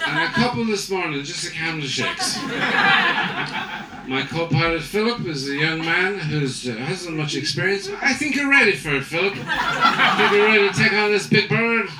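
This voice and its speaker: A man's voice: high voice, roomy sound, recorded from a distance, very noisy. A man voicing a drunk, cheerful airline pilot rambling over the intercom in a stand-up bit. He sounds boozy and overfamiliar.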